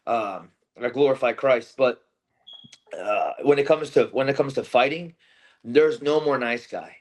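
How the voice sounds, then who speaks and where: A man who fights bare-knuckle, speaking in a loose post-fight interview. His talk is intense and full of swearing, broken up by fillers and false starts. His voice sits at an ordinary middle pitch. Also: unhurried. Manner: intense, profane trash talk with many fillers and restarts.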